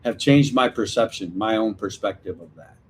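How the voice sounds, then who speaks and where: A man's voice: fairly low pitch, normal speed, slight background noise. A man in his fifties hosting a live talk, earnest and reflective, often checking in with "right?". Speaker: host of a veterans support livestream.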